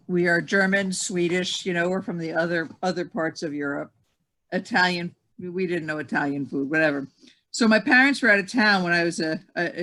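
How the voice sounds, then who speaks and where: A man telling a funny story in a casual group chat, acting out the voices. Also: high voice. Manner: animated storyteller, acts out voices.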